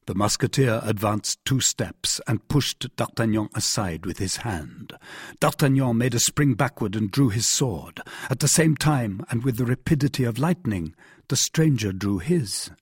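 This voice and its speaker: A man narrating a classic novel in an expressive, dramatic reading. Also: mid-range voice, a little slow, husky, dry recording, studio quality. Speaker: audiobook narrator.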